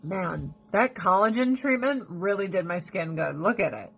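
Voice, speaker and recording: A woman in her thirties chatting casually to her viewers, swearing freely and ranting with animated storytelling. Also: fairly low pitch, normal speed, creaky, breathy edge. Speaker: vlogger. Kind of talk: casual chat.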